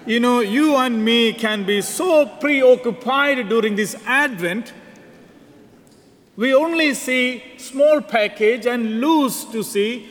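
A man's voice: very high-pitched, slow pace, a bit bright. A man preaching a conversational homily in a church, with non-native phrasing. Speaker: priest. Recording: reverberant church hall.

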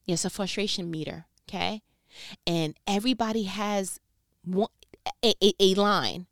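Smooth-voiced New woman teaching scripture. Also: medium pitch, fairly even intonation, a little slow, dry recording, studio quality. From New York. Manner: conversational and playfully scolding, addressing listeners directly. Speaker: Bible teacher. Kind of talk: casual scripture commentary.

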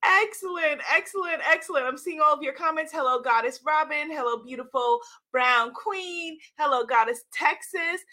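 A high-pitched, bright-voiced woman hosts a live stream, bubbly and enthusiastic. She greets her viewers by name and laughs often as she chats. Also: moderate pace. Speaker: author and livestream host.

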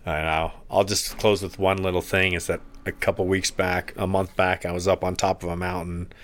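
A man with a very low voice co-hosts a podcast while he recovers from an injury. He speaks slowly and earnestly, in a reflective way. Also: flat delivery. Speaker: podcast co-host. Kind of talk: casual podcast chat.

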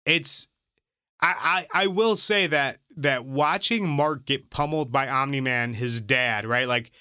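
A man chatting casually as a podcast co-host, rambling through thoughts with plenty of fillers and restarts. His voice is bright and forward, recorded dry and close with no room sound. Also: mid-range voice, measured pace, smooth, no echo. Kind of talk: casual chat.

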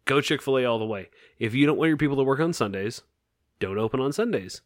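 A man's voice: medium pitch, lively intonation, fast, dry recording. A young man hosting a casual podcast, ranting with profanity and sarcasm into a close studio mic. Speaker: podcast host.

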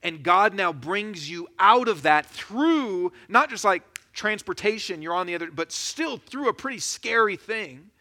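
A man preaching a sermon as a pastor, in a conversational, animated storytelling manner. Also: sits high, a little slow, few pauses.

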